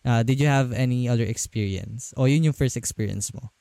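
A man's voice: medium pitch, fairly quick, gravelly, warm tone, slight background noise. A young man with a Filipino accent in casual chat, joking and restarting often as he switches between Tagalog and English. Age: young adult.

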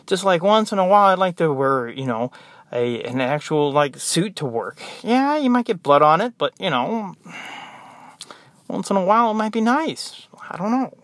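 A man's voice: sits high, sing-song, moderate pace, fairly bright tone, no echo, clean studio sound. Rambling, exasperated American man. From United States. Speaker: nurse. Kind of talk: casual monologue.

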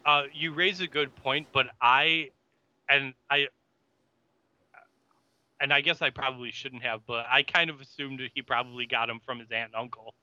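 A man's voice: medium pitch, fairly even intonation, sharp tone, no echo, dull audio. A man co-hosting a casual podcast, speaking in stops and restarts. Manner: halting, restarts and fillers. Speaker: podcast co-host. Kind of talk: casual chat.

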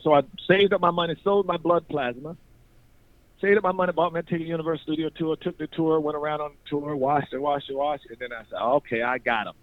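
Man telling animated stories over tinny radio. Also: fairly high pitch, quick pace, no echo. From North Carolina. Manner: acts out voices in his stories, laughs often, repeats words. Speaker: guest telling his life story. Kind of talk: animated storytelling chat. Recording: tinny phone-like radio sound.

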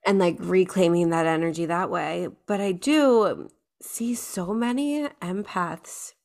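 A woman's voice: lowish voice, takes it slowly, creaky, a little mellow. A woman in her thirties hosting a casual podcast, candid and open, swearing and laughing easily. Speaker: podcast host.

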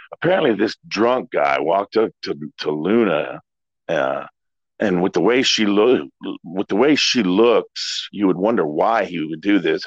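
Low-voiced man telling road stories. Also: vocal fry, no room sound. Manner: relaxed, rambling storyteller. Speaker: interview guest, former pro wrestler. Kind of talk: casual storytelling interview. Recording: dull lo-fi dry audio.

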